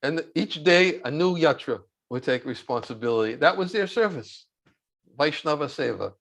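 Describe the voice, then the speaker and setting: A man being interviewed as a monk, telling a story unhurriedly with fillers and pauses. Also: on the high side, lively intonation, vocal fry, a bit bright. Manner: unhurried, halting with fillers, chuckles while recalling.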